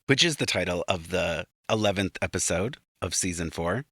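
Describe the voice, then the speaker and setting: A man with a Minnesota accent, co-hosting a podcast and recapping plot points in relaxed, casual chat with light asides. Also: deep voice, moderate pace, slightly rough, no room sound, studio quality. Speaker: podcast co-host.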